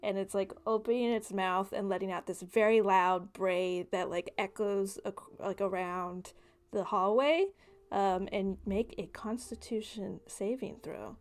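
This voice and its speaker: A woman's voice: medium pitch, fairly even intonation, a little slow. A woman narrating a tabletop game as game master, speaking casually with lots of fillers.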